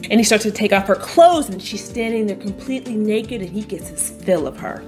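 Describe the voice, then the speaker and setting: A woman chatting casually as she recaps a TV episode, animated and playful, bursting into dramatic emphasis and swearing bluntly. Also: mid-range voice, a little fast, soft background music. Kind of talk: casual chat.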